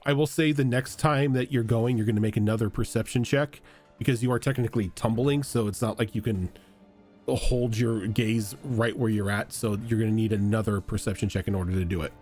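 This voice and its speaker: A man's voice: on the low side, fairly even intonation, a little fast, darkish tone, soft background music. A man narrating and ruling as game master of a tabletop game, describing scenes and explaining rules.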